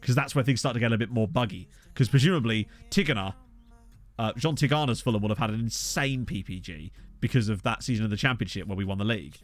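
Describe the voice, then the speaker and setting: A man in casual let's-play commentary, chatty and self-mocking as he thinks out loud at a desk microphone. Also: on the low side, quick pace. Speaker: gaming YouTuber. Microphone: USB desk microphone.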